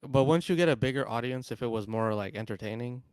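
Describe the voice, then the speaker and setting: A man in his twenties, a student, talking in a deadpan monotone in casual voice-chat banter. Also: mid-range voice, fast, smooth, no room sound, clean studio sound. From United States. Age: 20s.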